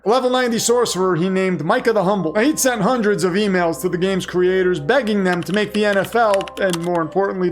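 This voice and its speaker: A man who hosts a show, narrating a scripted comedic story with dramatic, playful delivery. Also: high-pitched. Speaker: storyteller host.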